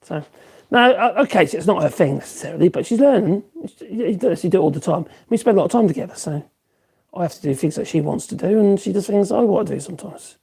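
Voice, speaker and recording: A man's voice: high-pitched, lively intonation, quick pace, vocal fry, darkish tone, slightly rough. A man in his fifties with a Norfolk accent, chatting casually on a woodworking livestream, rambling with lots of fillers and restarts. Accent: Norfolk English. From Norfolk, England. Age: 50s. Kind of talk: casual livestream chat answering viewers.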